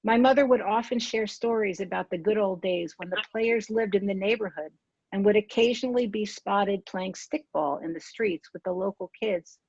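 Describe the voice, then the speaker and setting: A woman in her sixties reads from her own memoir at a calm, even pace and stops to fix the odd misread word. The sound is dry and close, with a slightly dull, lo-fi tone. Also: mid-range voice, slightly rough, dry recording. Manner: measured, unhurried reading with small self-corrections. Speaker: author.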